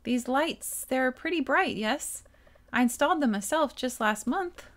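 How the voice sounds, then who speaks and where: A woman voicing a shy, earnest young woman from a video game, speaking in a hesitant, halting way. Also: sits high, animated, a bit bright, pitched above the performer's own voice. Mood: flustered. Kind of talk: reading game dialogue aloud.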